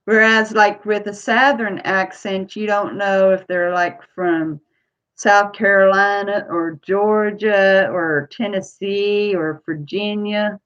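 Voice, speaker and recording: A woman's voice: medium pitch, steady tone, slow pace, a bit bright, highs cut off. A woman from Ohio with a Kentucky accent, chatting to camera in a rambling way as a vlogger. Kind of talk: casual chat to camera.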